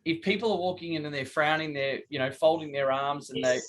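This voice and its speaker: A man's voice: fairly high pitch, brisk, fairly bright tone, poor audio. A middle-aged man, coaching a group over a video call in a chatty, joking way and acting out phone calls. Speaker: business coach.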